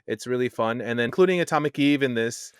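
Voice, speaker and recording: A man in casual podcast chat, easygoing and a bit halting, laughing easily. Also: mid-range voice, smooth, no echo, studio quality.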